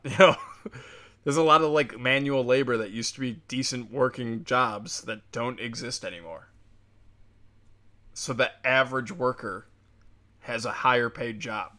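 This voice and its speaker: A man's voice: medium pitch, fairly even intonation, moderate pace, pushed and bright. A man ranting on his own show in a sarcastic, profane, heated way. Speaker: commentator. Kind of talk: casual political rant.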